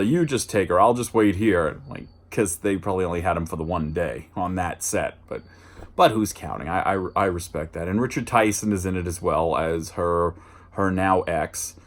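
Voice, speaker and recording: A man hosting a casual movie review, rambling and chatty, with restarts and dry asides. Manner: jumps higher and louder when mimicking lines.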